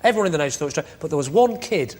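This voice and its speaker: A man's voice: a little high, expressive, very fast, very noisy. A man captaining a team on a comedy panel show, telling mocking stories animatedly. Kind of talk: casual banter on a panel show. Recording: TV studio with loud audience.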